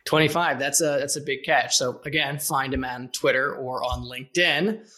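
A man's voice: medium pitch, steady tone, normal speed, pushed and bright. A man hosting a casual podcast interview, teasing his guest with joking banter. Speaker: podcast host.

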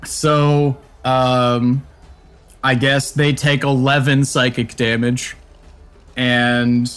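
A man's voice: mid-range voice, flat delivery, drawn-out words, fairly bright tone, smooth. A man playing a tabletop game, chatting casually and cracking jokes about his character. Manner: joking, playful. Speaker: player. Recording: faint music underneath.

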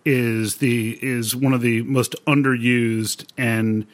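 A man with a mid-range voice hosts a conversational interview. He talks in a relaxed way, restarting phrases now and then, and adds his own points to his guest's answers. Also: mid-range voice, takes it slowly. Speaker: host, interviewer.

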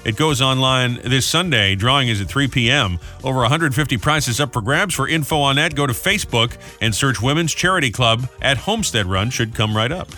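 Morning radio guy, bright voice, joking around and reading announcements. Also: medium pitch, expressive, fairly quick, few pauses, soft background music. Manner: jokey, chatty storyteller. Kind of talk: casual morning radio banter. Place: radio studio.

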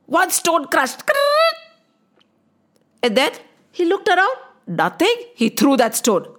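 A woman telling a story to children, animated and often stopping to ask them questions. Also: sits high, slow pace, pauses often.

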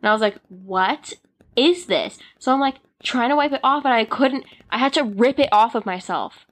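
A woman's voice: fairly high pitch, quick pace. Chatty woman in casual conversation, replays her own reactions as she tells stories. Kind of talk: casual chat.

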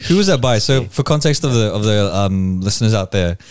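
A man's voice: fairly low pitch, expressive, a little fast, clear, resonant tone, no room sound, clean studio sound. A man hosting a podcast in casual banter, laid-back and prompting his co-hosts with questions. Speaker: podcast host.

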